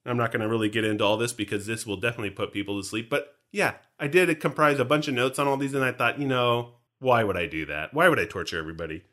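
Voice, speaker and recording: A man co-hosting a casual movie podcast, joking and sharing trivia in an animated, teasing way. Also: medium pitch, quick pace, few pauses. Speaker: podcast co-host. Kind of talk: casual movie commentary chat.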